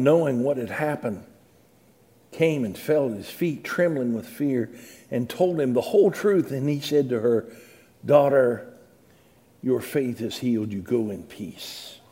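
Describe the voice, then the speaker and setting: A man's voice: mid-range voice, animated, unhurried, warm tone. A middle-aged male pastor reading scripture dramatically and preaching with rising emphasis. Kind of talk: sermon.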